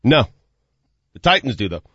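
A man co-hosting a sports radio show, giving terse, deadpan remarks. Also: medium pitch, moderate pace, slightly rough, no echo, dull audio. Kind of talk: casual sports radio banter.

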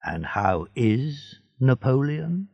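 Kindly old-school ship owner, read by a man, slow, husky gravelly voice. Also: lowish voice, wildly swooping pitch, dry recording, highs cut off, exaggerated voice. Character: older male ship owner, kindly and warm.

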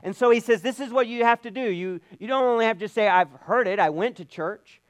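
A man's voice: high voice, brisk, dry recording. A man preaching a sermon in an earnest way, often repeating words as he builds a point. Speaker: pastor.

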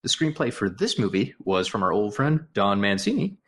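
A man's voice: on the low side, big pitch swings, normal speed, a bit bright, husky. A man co-hosting a casual movie commentary podcast, reading out trivia notes and laughing often. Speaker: podcast co-host.

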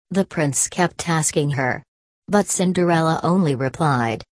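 A woman narrating a fairy tale as a storybook reading, measured and expressive. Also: deep voice, no room sound.

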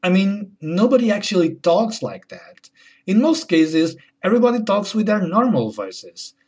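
A man delivering a wry, deadpan comedy monologue as host. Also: high-pitched, moderate pace. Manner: deadpan, wry, switching into mocking voices.

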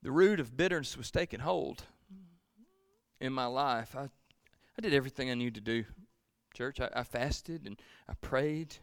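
A male pastor preaching a sermon, swinging from loud pleading to hushed, almost whispered lines. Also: medium pitch, measured pace, smooth, no room sound.

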